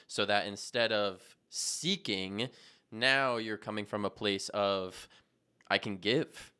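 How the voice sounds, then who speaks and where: Bright, crisp-voiced man host. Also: lowish voice. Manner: slow, deliberate, spiritual phrasing. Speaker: podcast host. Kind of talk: conversational interview.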